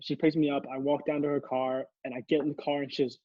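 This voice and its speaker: A young man with a fairly high voice tells a rambling, laughing story on a podcast, restarting his sentences often. His mic sounds dry and a little dull. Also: flat delivery, quick pace, warm tone, no room sound. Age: young adult. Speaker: podcast co-host. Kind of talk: casual storytelling chat.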